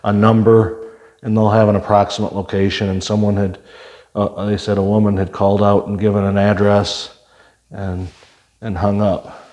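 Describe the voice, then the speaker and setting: A man's voice: lowish voice, flat delivery, normal speed, darkish tone. An older man, a retired police officer, telling stories from his career in a plain-spoken way, with many fillers and restarts. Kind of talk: conversational storytelling.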